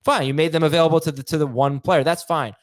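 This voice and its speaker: A man hosting a casual podcast chat, reading listener emails aloud and talking in quick, halting bursts. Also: on the high side, fairly even intonation, dry recording, studio quality.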